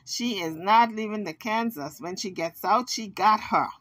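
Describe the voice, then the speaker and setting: A woman vlogger giving chatty, sassy, animated commentary on an argument. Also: mid-range voice, measured pace. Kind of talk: casual commentary recapping drama.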